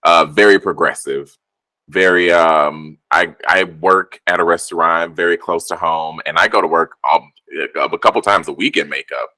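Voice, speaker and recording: A man's voice: low voice, moderate pace, sharp tone, no echo, poor audio. A man hosting a podcast, chatting casually and often backing his guest with short agreements. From St. Louis area. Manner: supportive, frequent short agreements. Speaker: podcast host. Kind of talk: casual conversation.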